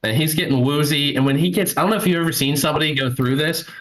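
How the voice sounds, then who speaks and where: A man's voice: fairly high pitch, fast talker, a bit bright, poor audio. A man in his thirties doing a stand-up set from home over a video call, telling rambling, self-mocking stories with lots of fillers. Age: 30s. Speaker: stand-up comedian. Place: home, at a computer. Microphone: computer mic on a video call.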